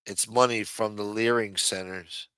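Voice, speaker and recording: Male stream host, smooth resonant voice, dry close sound, heated and profane. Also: fairly low pitch, steady tone, a little slow, bright, forceful tone, no echo. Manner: heated, profane, repetitive, then apologetic. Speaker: livestream host. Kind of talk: profane political rant on a stream.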